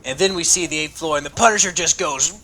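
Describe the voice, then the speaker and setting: Bright-voiced young man, profane and rambling. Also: a little high, fast talker. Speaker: comic reviewer. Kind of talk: casual review.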